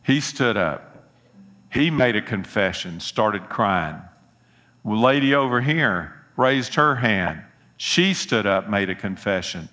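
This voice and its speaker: A man's voice: medium pitch, sharp tone. A middle-aged man, preaching a sermon and telling folksy personal stories with earnest appeals. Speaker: pastor.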